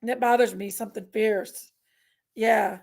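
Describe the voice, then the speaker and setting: A woman's voice: a little high, steady tone, a little slow, gravelly, darkish tone. A woman hosting a casual live stream, chatting with viewers in an effusive, rambling way. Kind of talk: casual live chat reading comments.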